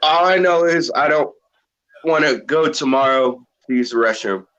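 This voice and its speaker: A man's voice: mid-range voice, normal speed, fairly bright tone. A man calling in by video, his mouth burning and eyes teary, groaning and talking through the pain. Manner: groaning, pained, after a hot chip challenge. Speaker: caller on video chat. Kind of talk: live call-in chat. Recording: dull lo-fi video call audio.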